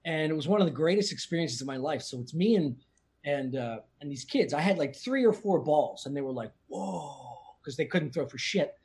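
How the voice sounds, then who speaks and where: A man's voice: a little high, lively intonation, fairly quick, darkish tone, a little hiss or hum. A man from the Philadelphia area with a Philly accent, telling profane stories in casual podcast chat. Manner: profane, storytelling, laughs often.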